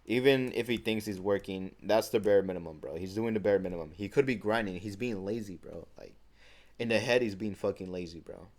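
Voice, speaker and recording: An eighteen-year-old guy talks to his camera in a loose, slangy vent, dropping "bro" and curse words everywhere. His voice sits a little low, and he acts out other people's lines in quick quoted bits. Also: darkish tone. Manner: casual slangy talk, says bro a lot, swears freely. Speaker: vlogger. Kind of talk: casual venting monologue.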